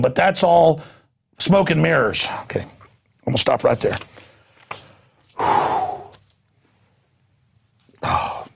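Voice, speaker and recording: Gravelly ranting male news host. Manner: ranting, mocks others in shrill put-on voices. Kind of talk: impassioned political monologue.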